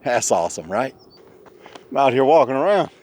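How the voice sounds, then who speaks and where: A man chatting casually on an outdoor vlog, hushing and coaxing while he walks and sits to listen for birds. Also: mid-range voice, sing-song, moderate pace, a little hiss or hum. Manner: hushed, coaxing, folksy. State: a bit out of breath. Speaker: vlogger. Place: outdoors in woods.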